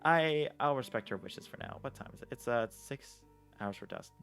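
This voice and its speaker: A male streamer playing a game live, reading the text aloud and muttering and swearing as he thinks out loud. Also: medium pitch, expressive, fairly quick, faint music behind.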